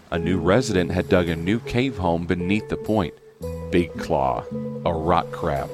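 A man reading a children's story aloud in a slow, gentle storyteller's manner. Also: deep voice.

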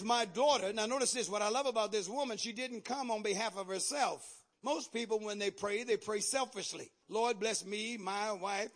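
A man's voice: very high voice, a bit bright. A man preaching a sermon in call-and-response style, rising into fervent exhortation. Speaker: pastor.

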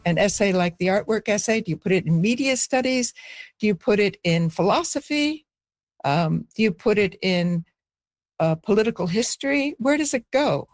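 A woman's voice: mid-range voice, animated, normal speed, dry recording, studio quality. A woman philosopher being interviewed, speaking in an emphatic, searching way.

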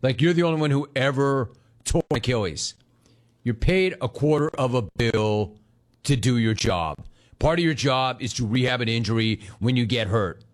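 A man's voice: medium pitch, moderate pace. A middle-aged man hosting a sports talk show, ranting in a heated, sarcastic way. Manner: sarcastic, heated, mocks the player in put-on voices. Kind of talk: sports radio rant.

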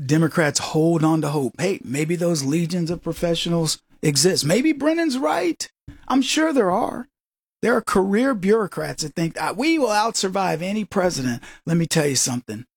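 Male radio host, husky voice, dry close sound; animated and sarcastic. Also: on the high side, normal speed, dry recording. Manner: animated, sarcastic, mocking asides. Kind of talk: political talk radio commentary.

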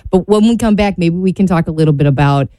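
Woman radio co-host, chatty and self-mocking, mellow tone, dry close mic. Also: fairly low pitch, fast, no echo. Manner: chatty, laughs often, self-deprecating. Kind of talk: casual faith talk chat.

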